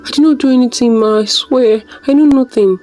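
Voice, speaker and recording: A storyteller voicing a frightened young housemaid girl who pleads in a shrill, high voice. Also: brisk, a little mellow, soft background music, close to an everyday voice. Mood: terrified pleading. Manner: pleading, begging.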